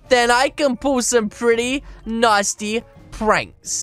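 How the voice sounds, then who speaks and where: A man hosting energetic gameplay commentary, excitable and reading chat aloud, with "flipping" in place of swear words. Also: very high voice, a little slow, hardly any pauses, faint music behind. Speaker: gaming channel host.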